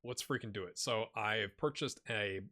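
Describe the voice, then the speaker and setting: Forties male gaming host, bright forceful tone, rambling self-deprecating let's-play chatter. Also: fairly low pitch, normal speed. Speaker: gaming YouTuber. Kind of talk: casual let's-play commentary.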